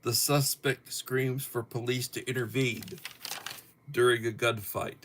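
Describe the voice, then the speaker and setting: A man's voice: medium pitch, steady tone, a bit bright, a little hiss or hum. A middle-aged man hosting a casual livestream, reading topics aloud with chuckles. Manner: slow, chuckling, reads viewer topics aloud. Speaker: livestream host.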